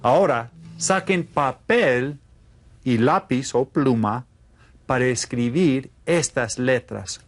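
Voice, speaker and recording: A man teaching a children's language lesson, modeling phrases slowly and clearly for the class to repeat. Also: mid-range voice. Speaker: Spanish teacher.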